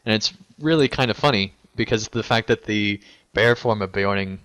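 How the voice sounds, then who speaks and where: A man co-hosts a casual gaming podcast in a lowish voice. He talks in a relaxed, wry way. The recording is dry and close. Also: moderate pace, dry recording. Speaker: podcast co-host.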